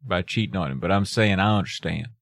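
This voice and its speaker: A man co-hosting a podcast tosses in folksy jokes and easygoing remarks. His voice sits low. The recording is dry and close to the microphone. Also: lively intonation, quick pace, gravelly, fairly bright tone, no room sound. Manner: joking, folksy asides. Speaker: podcast co-host. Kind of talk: casual film recap chat.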